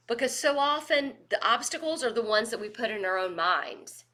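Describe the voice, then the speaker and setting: A woman's voice: a little high, normal speed, few pauses. A woman, giving a virtual leadership training and telling stories with energy and laughter over a video call microphone. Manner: energetic, animated storyteller who laughs often. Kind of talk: virtual training lecture with storytelling.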